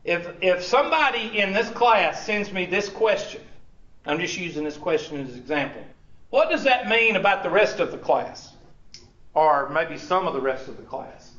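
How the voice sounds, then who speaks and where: Man, teasing sarcastic instructor, high voice, distant dull classroom recording. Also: sing-song, unhurried, a bit bright, roomy sound. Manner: teasing, sarcastic, full of rhetorical questions. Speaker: college instructor. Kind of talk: classroom lecture. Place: large classroom.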